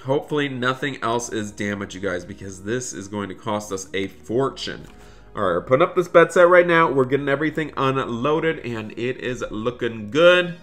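A man's voice: mid-range voice, animated, normal speed, a bit bright, soft background music. A man doing chatty Roblox roleplay commentary, talking to viewers and his in-game son, with dramatic bursts of dismay.

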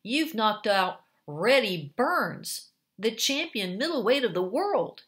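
A woman voicing a formal, polite gentleman in evening dress. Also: a little high, very animated, slow pace, pitched above the performer's own voice, full character voice. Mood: astonished.

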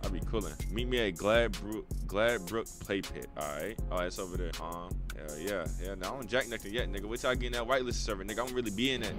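A young man giving loose, slangy commentary while playing a game online, muttering to himself one moment and shouting at other players the next. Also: fairly low pitch, fast talker, few pauses, over music. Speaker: gaming YouTuber. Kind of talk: live gameplay commentary.

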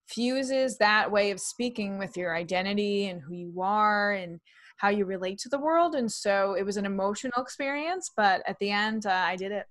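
A woman comedian from New York, her accent mostly trained out, talking in a casual interview in an animated, chatty way, laughing often and restarting her sentences. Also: mid-range voice, normal speed. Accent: slight New York, mostly trained out. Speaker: comedian and actress guest.

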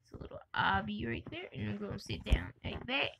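A young woman giving chatty, excitable gameplay commentary for her channel, laughing and shrieking often. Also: mid-range voice, a little fast, noisy background. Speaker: gaming channel host.

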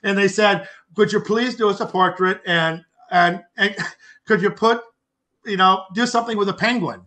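A man's voice: high-pitched, normal speed. An older man, a podcast guest, telling a personal story in a rambling way, restarting and repeating words and acting out the quoted speech. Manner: acts out quoted speech with lively voices. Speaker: podcast guest, author and artist.

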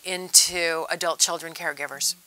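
A woman's voice: deep voice, steady tone, normal speed, bright, forceful tone, dry recording, poor audio. A woman from a senior services organization, explaining matter-of-factly as a guest in a TV interview. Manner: plain, matter-of-fact explaining. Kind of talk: TV interview talk.

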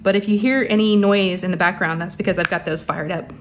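Woman, middle-aged, chatty home crafting vlogger; rambling, a bit short of breath, soft hum behind her. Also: fairly low pitch, steady tone, a little fast. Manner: chatty, rambling, many fillers. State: a little out of breath, under the weather. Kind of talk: casual chat while crafting. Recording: faint background hum of printers.

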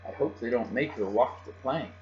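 A man's voice: medium pitch, moderate pace, natural voice. Jumpy little boy sidekick, man doing the voice, lo-fi with hum. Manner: nervous, raised voice. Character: timid little boy sidekick, easily scared. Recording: dull lo-fi with mains hum.

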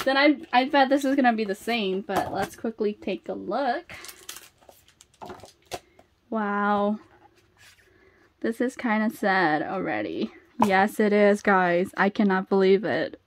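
A woman chatting casually as she unboxes, excitable and gasping at each reveal, then dropping to soft murmurs in between. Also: medium pitch, takes it slowly, long pauses. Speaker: unboxing vlogger.

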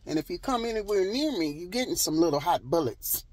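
A woman's voice: fairly low pitch, expressive, brisk, a little mellow, no echo, poor audio. A woman telling a storytime vlog from her parked car outside a hospital, sassy and emphatic, repeating herself for effect, recorded on a handheld phone camera. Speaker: vlogger.

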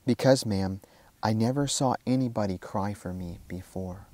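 Timid, gloomy orphan boy in a storybook, low dry voice, male reader. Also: moderate pace, mellow, dry recording, close to an everyday voice. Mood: sad. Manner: gloomy and fearful.

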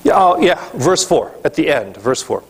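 A man's voice: on the high side, sing-song, normal speed, a little hiss or hum. A male pastor preaching a sermon emphatically, often checking in with his listeners. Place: church.

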